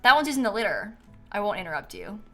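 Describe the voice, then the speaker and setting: Bright, lively woman streaming a game. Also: medium pitch, fast talker, soft background music. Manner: chatty, answers chat and thinks aloud; excitable, squeals and laughs. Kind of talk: casual live-stream chat while playing.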